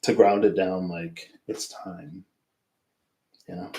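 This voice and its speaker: A low-voiced man wraps up a tarot reading in a loose, musing way, drifting between thoughts and trailing off into asides. His voice sits a little deep and rings around a roomy, echoey space. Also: fairly even intonation, slow pace, dark tone, slight background noise. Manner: rambling and reflective, trailing off into asides. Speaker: tarot reader. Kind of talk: casual spoken tarot reading wrap-up.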